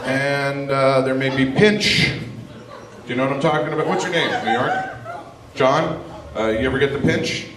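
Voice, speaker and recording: A man doing live stand-up, teasing the audience with quick, mocking banter. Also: mid-range voice, fairly even intonation, far from the mic. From Canada. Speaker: stand-up comedian. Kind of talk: live stand-up crowd work. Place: comedy club stage. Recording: echoey live club with crowd noise. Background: audience laughter.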